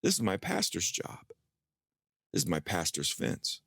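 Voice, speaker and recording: Male pastor, low voice, dry close sound, animated sermon storytelling; acts out dialogue. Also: a little slow, gravelly, husky, no room sound. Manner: animated storyteller, acting out dialogue with rising pitch.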